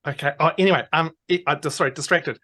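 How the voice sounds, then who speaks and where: A woman narrating as game master, acting out characters with lively voices and frequent fillers. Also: low-pitched, quick pace.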